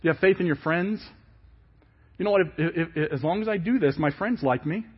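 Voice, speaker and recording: A man preaching a sermon, emphatic and falling quiet at the ends of phrases. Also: on the high side, fairly quick, breathy edge. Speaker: pastor. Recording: dull lo-fi church service audio.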